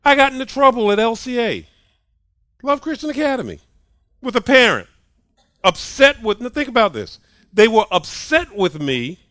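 A man preaching a sermon on a clip-on mic, emphatic and repetitive, swinging from soft asides to loud declarations. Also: sits high, no room sound. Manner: emphatic, punches points with "period" and repeats lines.

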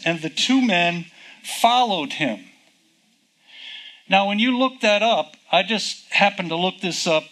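A man's voice: on the high side, bright, forceful tone, poor audio. A man preaching a sermon, teaching from the Bible in a conversational way, reading verses aloud and asking rhetorical questions.

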